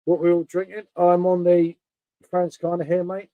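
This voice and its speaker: A man's voice: high voice, monotone, normal speed, no echo, narrow, tinny audio. A man hosting a casual beer-tasting live stream, rambling and matey as he chats to his viewers.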